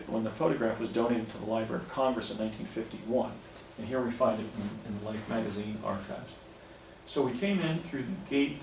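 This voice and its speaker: A man in his fifties giving a lecture presentation, rambling with frequent restarts and digressions. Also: medium pitch. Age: 50s. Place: lecture hall. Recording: echoey room, distant mic, faint noise.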